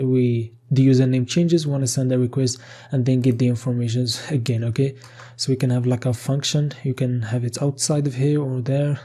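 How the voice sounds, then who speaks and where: A man's voice: medium pitch, dark tone, breathy edge. A man talking through a coding tutorial as he types, thinking aloud with frequent "okay" and casual restarts, with keyboard typing behind him. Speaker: programming tutor. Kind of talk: screen-recorded coding tutorial.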